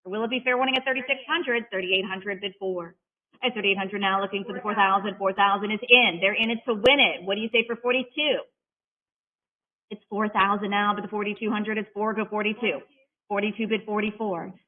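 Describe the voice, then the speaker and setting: An auctioneer calling bids at a live auction in a rapid-fire chant, mixing in playful patter between the numbers. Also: mid-range voice, steady tone. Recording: tinny phone-like audio.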